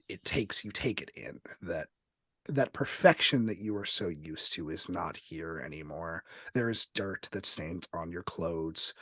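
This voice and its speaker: A man narrating a tabletop role-playing game as game master, describing scenes with lively fillers. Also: low voice, husky, no echo, studio quality.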